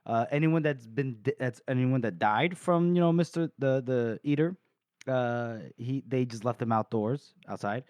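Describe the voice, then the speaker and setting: A man hosting a casual book-discussion podcast who rambles through a chapter recap, swears freely, laughs often and rushes through fast asides. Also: medium pitch, darkish tone, no room sound. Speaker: podcast host.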